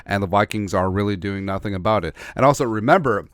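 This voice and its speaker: A man hosting a sports podcast in a fairly low, smooth and resonant voice. He rants with blunt, sarcastic opinions. The sound is dry and close. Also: fast, no echo. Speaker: podcast host.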